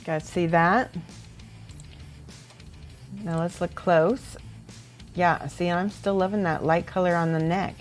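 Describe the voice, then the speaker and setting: A woman hosting a casual livestream, chatting warmly and encouragingly as she critiques painted miniatures and laughs often. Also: lowish voice, steady tone, slow pace, long pauses, soft background music. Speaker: miniature painting host and teacher.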